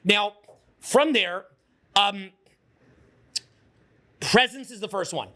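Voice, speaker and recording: Taking it slowly in a high voice, a male social skills coach fires up a live seminar crowd with energy and plenty of swearing. He has the audience echo his phrases back to him.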